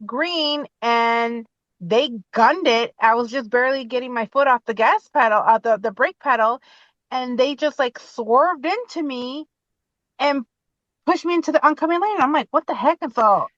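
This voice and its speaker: A woman in her forties tells a personal story over a muffled remote line, speaking from inside her car. Her voice sits a little high and runs dry and close. She acts out her own words with lively swings as she talks. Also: moderate pace, no echo. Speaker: guest.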